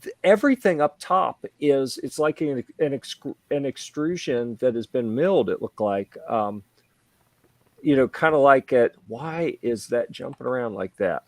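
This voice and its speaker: A man's voice: mid-range voice, moderate pace, no room sound. A man hosting a casual gear podcast, telling stories and acting out what other people said. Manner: animated storyteller acting out quoted voices. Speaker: podcast host. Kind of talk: casual chat.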